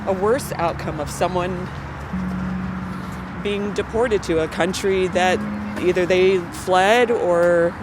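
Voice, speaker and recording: Reflective man, high voice over loud music. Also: slow pace. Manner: steady, reflective. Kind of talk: candid reflection.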